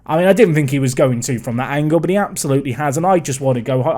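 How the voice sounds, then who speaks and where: This English gaming creator races through exasperated, rambling let's-play commentary at his computer with hardly any pauses. His voice is fairly high and a little mellow.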